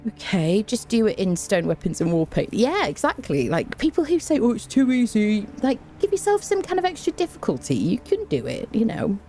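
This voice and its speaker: A woman's voice: medium pitch, wildly swooping pitch, brisk, hardly any pauses, darkish tone, faint music behind. A woman streaming a game, chatting casually and greeting her viewers by name, laughing often. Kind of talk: casual livestream chat.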